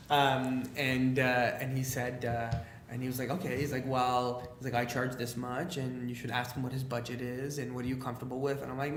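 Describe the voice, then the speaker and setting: A young Canadian man, a leadership speaker, telling stories in a casual podcast interview. He talks in an animated way, acts out quoted dialogue and uses many fillers. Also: mid-range voice, normal speed, echoey room, slight background noise.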